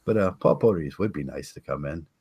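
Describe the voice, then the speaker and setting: An older man hosting a casual podcast, rambling and chatting with listeners, halting with many fillers and restarts. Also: a bass voice, lively intonation, darkish tone, slightly rough. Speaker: podcast host. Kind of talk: casual live-stream chat.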